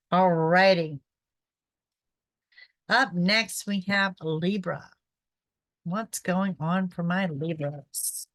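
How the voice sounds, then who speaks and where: A woman's voice: fairly low pitch, very slow, pauses often, no echo. A woman, a psychic host giving a casual, chatty horoscope reading, often checking in with "okay?". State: throat irritated by pollen. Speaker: psychic reader, show host.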